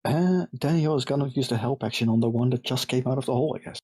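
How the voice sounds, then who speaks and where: A man with a slightly husky voice declares his moves in a tabletop game and double-checks the rules in a plain, matter-of-fact way. The sound is close and dry, with almost no room around it. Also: medium pitch, quick pace, mellow, dry recording. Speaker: player. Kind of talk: casual tabletop play.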